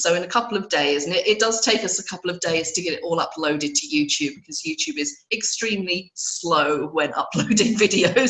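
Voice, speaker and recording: A woman with a fairly low voice runs a live training webinar, hoarse and congested from a cold. She talks in a chatty, friendly way and laughs at herself. Her voice rings in an echoey room. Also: fairly bright tone.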